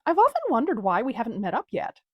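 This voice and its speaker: A woman's voice: a little high, huge pitch swings, quick pace, dry recording, muffled recording. A woman voicing a bawdy, teasing female ghost over a century old, in a comedic audio drama. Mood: mocking. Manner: crude, teasing, mocking.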